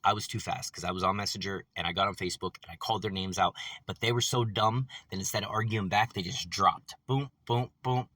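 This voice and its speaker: A man's voice: lowish voice, fairly even intonation, a little fast, hardly any pauses, sharp tone, no echo. A man ranting in a rambling vlog, agitated and profane, repeating himself as he tells his story. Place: in a vehicle after work. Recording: distant mic with faint vehicle noise.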